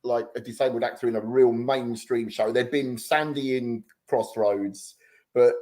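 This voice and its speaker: A man's voice: medium pitch, fairly even intonation, measured pace, darkish tone. A man hosting a casual chat, reminiscing with fan enthusiasm. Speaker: host.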